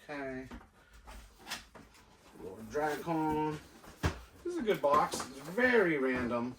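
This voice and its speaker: Unpacking boxes of toys in a cluttered indoor room, a male toy collector vlogger talks slowly to himself in a casual, musing unboxing chat. His voice is a little high and sing-song, set against a noisy background. The recording is echoey, with the mic at a distance.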